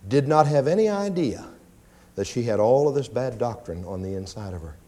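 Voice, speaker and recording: A pastor preaching a sermon in church, animated and often mimicking whining prayers. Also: male voice, brisk. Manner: animated preaching, acts out pleading prayers in a high whine.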